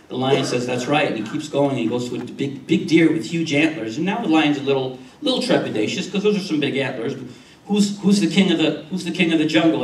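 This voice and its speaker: A male pastor preaching a sermon, repeating phrases and asking "Amen?" to the congregation. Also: mid-range voice. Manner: preaching with frequent "Amen?" checks and repetition. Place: church sanctuary. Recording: roomy, distant church recording.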